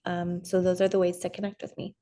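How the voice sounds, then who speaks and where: Calm, gentle woman therapist. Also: on the low side, fast talker. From United States. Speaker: therapist, podcast guest. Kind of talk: casual interview chat.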